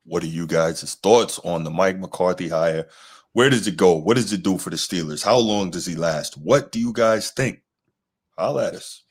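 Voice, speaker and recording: A man's voice: sits low, moderate pace, breathy edge. A man hosting a casual sports podcast, easygoing, steering the talk and inviting callers. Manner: easygoing, steers the talk, reads out the call-in number. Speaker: podcast host.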